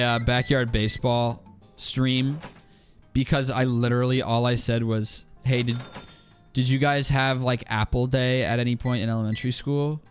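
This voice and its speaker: A man with a strained throat, chatting casually and ranting with exasperation to his live-stream audience while he plays, swearing freely. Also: medium pitch.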